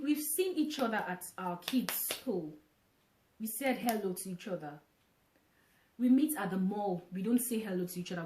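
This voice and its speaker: A woman vlogging casually to camera, from Nigeria, who talks in an animated way, repeating phrases and restarting often. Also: mid-range voice, echoey room.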